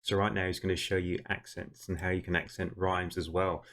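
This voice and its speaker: A man's voice: low voice, flat delivery, brisk, fairly bright tone. Amazed British-based man reacting casually. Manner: amazed, chatty, frequent laughs, addresses viewers as guys. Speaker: reaction channel host.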